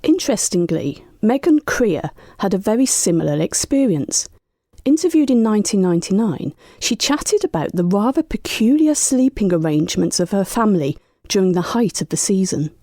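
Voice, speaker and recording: Lively mellow woman presenting radio. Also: mid-range voice, moderate pace, dry recording, clean studio sound. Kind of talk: scripted narration.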